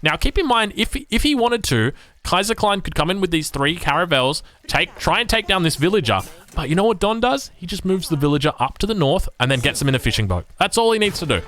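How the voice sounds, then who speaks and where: A man's voice: sits high, sing-song, fast talker, fairly bright tone. A man casting a strategy game match play by play, upbeat and joking, often asking his co-caster questions. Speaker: esports caster.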